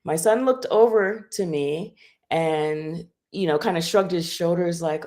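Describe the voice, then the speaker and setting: A woman's voice: fairly low pitch, moderate pace, warm tone. A middle-aged woman, a homeschooling mother, telling a personal story in casual live-stream chat with many fillers. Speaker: guest.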